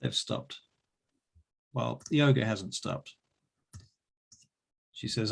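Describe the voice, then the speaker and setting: Husky man running a tabletop game. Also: fairly low pitch, sing-song. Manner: brisk, calls rolls and narrates the action. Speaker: game master.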